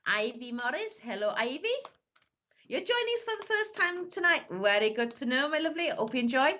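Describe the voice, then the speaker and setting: A woman's voice: high-pitched, very animated, a little fast, pushed and bright, muffled recording. A woman, a psychic medium chatting affectionately with viewers on a live stream. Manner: chatty, calls everyone "my lovely". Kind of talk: live-stream greetings and reading.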